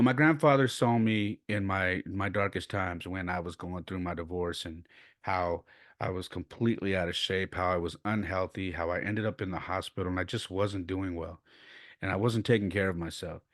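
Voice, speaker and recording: A man's voice: lowish voice, no echo, clean studio sound. Man in his forties telling stories. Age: 40s. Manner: animated storyteller who acts out quoted voices; turns quiet and subdued when speaking of loss. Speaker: podcast host. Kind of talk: casual personal storytelling.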